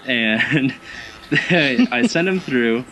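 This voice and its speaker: Man telling animated stories in casual chat. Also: medium pitch, drawn-out words, a little hiss or hum, rough recording. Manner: animated anecdotes with acted quotes, frequent fillers. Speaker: guest, haunted house actor.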